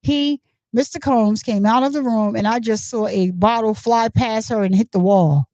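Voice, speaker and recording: Woman reading as a male court witness: hesitant, plain, slightly high voice, dull dry recording. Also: moderate pace, dark tone, no room sound, lightly acted.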